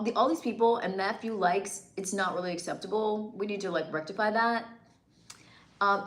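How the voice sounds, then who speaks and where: A woman's voice: mid-range voice, reverberant. A woman from the northeastern United States hosting a livestream, chatting with viewers and teasing them playfully. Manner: playful, teasing, laughs often. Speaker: livestream host. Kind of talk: casual livestream chat reading comments.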